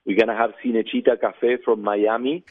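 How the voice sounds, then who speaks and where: A man calls into a radio show and talks eagerly, piling on details. His voice sits fairly low. It comes through a thin, tinny phone line. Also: level tone, fairly quick. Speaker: phone-in guest. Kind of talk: casual phone interview.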